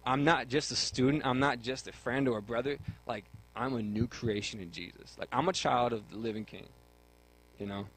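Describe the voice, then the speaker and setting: A man's voice: medium pitch, moderate pace, a bit bright, poor audio. Young male guest, earnest testimony, talk-radio delivery, restarts phrases. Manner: earnest, repeats words when starting a thought. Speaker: guest sharing his testimony.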